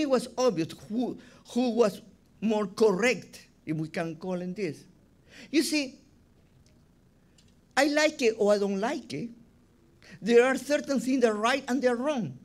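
Here a man gives a rabbi's sermon at an unhurried, slow pace, with a voice pitched high for a male speaker. Emphasis is his tool: he repeats words to build his case, using non-native phrasing.

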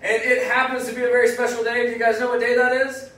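Speaking through a face mask, this upbeat, chatty zookeeper has a fairly high, fairly bright voice delivered fast and in a monotone. He's hosting a casual educational live stream beside penguins in an indoor birdhouse, picked up by a far-off mic in an echoey space with faint noise.

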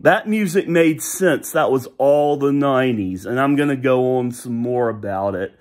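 A man's voice: medium pitch, normal speed, few pauses, darkish tone. A man in his thirties giving a rambling, nostalgic monologue for a vlog, breaking into hummed and sung bits of old songs. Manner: rambling, nostalgic, hums and sings song snippets. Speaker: vlogger. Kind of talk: casual opinion monologue.

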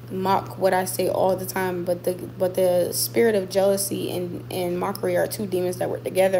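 A woman's voice: on the low side, mellow, a little hiss or hum, rough recording. A woman boxer chatting casually with her viewers, emphatic and repeating points for stress. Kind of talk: casual livestream chat with viewers.

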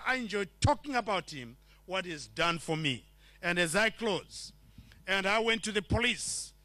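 Man from Zimbabwe, earnest church testimony, high voice, bright tone, dry close sound. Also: dry recording. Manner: earnest storytelling, acting out dialogue. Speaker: preacher giving his testimony. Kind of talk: testimony sermon.

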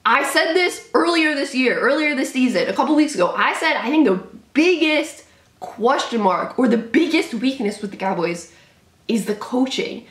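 Young woman, live sports reaction, fairly high voice, excitable, echoey room. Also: normal speed. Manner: excitable, shrieks and exclaims at big plays. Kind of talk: live game reaction commentary.

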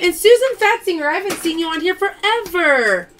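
A woman's voice: extremely high pitch, lively intonation, fairly quick, few pauses, fairly bright tone, a little hiss or hum. A woman hosting a casual live-stream pearl sale from home, chatting and reading out viewer names as she calls results.

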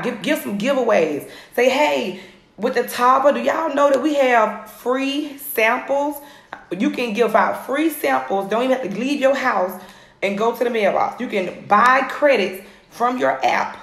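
A woman, coaching viewers on a live phone video from home, energetic and repeating her points. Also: medium pitch. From Atlanta area, US. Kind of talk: live social media coaching. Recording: roomy phone recording.

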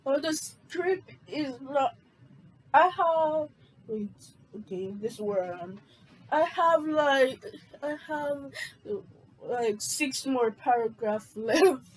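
A woman reading a comedy script aloud, halting and stumbling as she corrects herself. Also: high voice, animated, low-quality recording. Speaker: comedy video maker.

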